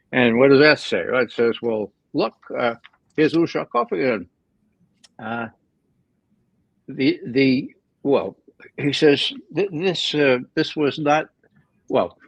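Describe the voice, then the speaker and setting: A man's voice: mid-range voice, no echo. Older man, guest commentator, chuckling asides, dry dull lo-fi sound. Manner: animated, laughing asides, frequent restarts. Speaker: guest analyst. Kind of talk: conversational political commentary. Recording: dull lo-fi remote audio.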